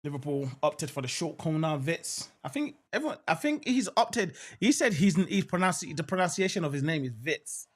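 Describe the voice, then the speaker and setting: Brisk and with few pauses, his fairly high voice carries a live football watchalong where this young man from England comments on play and chats easily with his audience. Expect plenty of "um" and "I'm not gonna lie," phrases said twice, and abrupt excited yells at near-misses.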